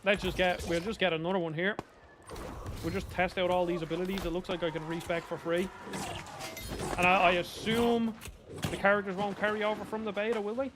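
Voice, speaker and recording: A man's voice: sits high, level tone, fairly quick, background noise. Sarcastic Irish man playing a game. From Ireland. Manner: chatty, sarcastic, muttering asides. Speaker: gaming streamer. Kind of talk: casual gameplay commentary. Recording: voice over loud game music.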